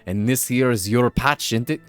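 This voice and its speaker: Male gamer voicing a cheeky fairy sidekick, put-on accent, slangy and pushy, high register. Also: moderate pace, fairly bright tone, smooth, soft background music, close to an everyday voice. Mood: excited. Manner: chirpy, bossy, full of slang.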